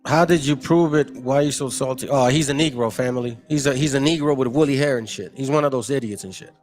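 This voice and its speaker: A man's voice: mid-range voice, fast talker, darkish tone. Combative man hosting a livestream. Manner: combative, mocking, talks back to viewers. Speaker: channel host. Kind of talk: livestream commentary reading chat.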